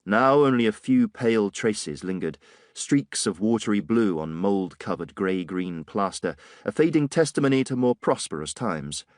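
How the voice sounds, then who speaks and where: Low-voiced male audiobook narrator. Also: lively intonation, moderate pace, dry recording, studio quality. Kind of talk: scripted narration.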